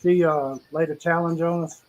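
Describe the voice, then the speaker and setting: A man's voice: fairly high pitch, fairly even intonation, moderate pace, darkish tone, highs cut off, a little hiss or hum. A man hosting a casual cooking show, chatting in a folksy, rambling way. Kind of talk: casual live cooking chat.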